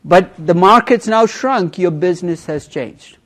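A man teaching a university finance class, emphatic and lively, teasing students with questions. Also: high-pitched, measured pace. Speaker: finance professor. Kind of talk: university lecture.

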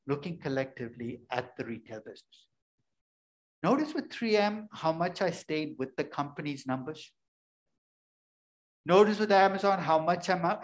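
A man giving a classroom lecture, emphatic and conversational, often asking questions and answering them himself. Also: fairly high pitch. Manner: emphatic, asks and answers his own questions. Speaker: finance lecturer.

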